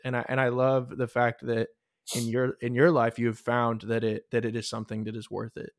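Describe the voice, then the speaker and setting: A man's voice: medium pitch, completely flat delivery, normal speed, no echo, studio quality. A man hosting a conversation, reflecting thoughtfully and restarting his sentences. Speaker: podcast host, interviewer. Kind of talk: casual conversation.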